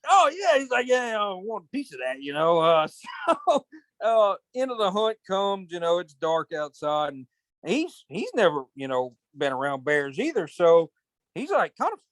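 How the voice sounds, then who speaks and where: A man's voice: sits high, very animated, no echo. A man telling rambling, colloquial hunting stories in casual chat. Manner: rambling, colloquial, drawn-out storytelling with cursing. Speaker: podcast host.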